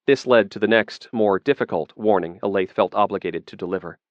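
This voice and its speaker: A man narrating a fantasy audiobook in a measured, steady reading. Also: lowish voice, no echo, dull audio.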